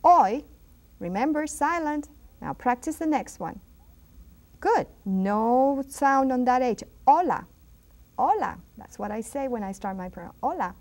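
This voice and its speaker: A woman's voice: a little high, lively intonation, a little mellow. A woman from Puerto Rico with a Puerto Rican accent, teaching a language lesson on a school TV program and patiently repeating words. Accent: Puerto Rican Spanish. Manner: slow, patient, repeats words for the viewer to echo. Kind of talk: educational TV lesson.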